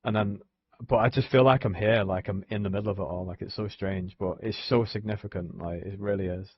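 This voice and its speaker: Young man, husky low voice, rambling and sweary, dry dull stream mic. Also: steady tone, a little fast, no echo. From England. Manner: meandering, swears often, fillers like "you know what I mean". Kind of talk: casual rambling monologue.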